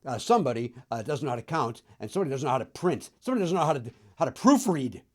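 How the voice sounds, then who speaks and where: A man's voice: medium pitch, very animated, darkish tone. A middle-aged man from the Chicago area hosting a comedic monologue about old records, riffing and mocking himself. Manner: self-mocking, riffing, throws in quick silly voices. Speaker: podcast host.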